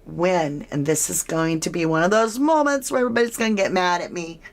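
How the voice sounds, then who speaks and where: A woman's voice: on the low side, animated, fairly quick. A woman giving casual, speculative true crime commentary, asking her listeners questions as she goes.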